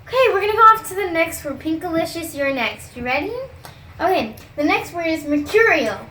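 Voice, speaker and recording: A young woman in a comedy sketch, playing a teacher who spells out words slowly with exaggerated patience. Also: extremely high pitch, animated, bright, forceful tone, echoey room, a little hiss or hum. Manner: exaggerated, patient-then-exasperated teacher delivery, stretches out words.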